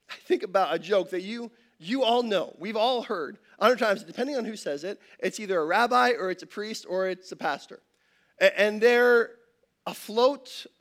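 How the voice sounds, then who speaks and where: High-voiced man preaching a sermon. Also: a bit bright. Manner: conversational preaching, tells a joke with rhetorical questions. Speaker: campus pastor.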